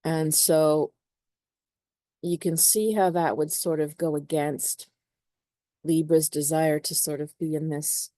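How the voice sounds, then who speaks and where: Woman astrologer, mellow and somewhat low, casual, hedgy delivery. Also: no room sound. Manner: hedging, uses many "sort of" and "you know". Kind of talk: casual spoken explanation.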